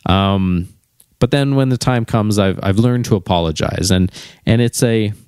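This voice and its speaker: A man's voice: on the low side, measured pace, a little mellow, clean tone, dry recording, clean studio sound. A middle-aged man talking through a personal reflection, candid and musing, often searching for his words.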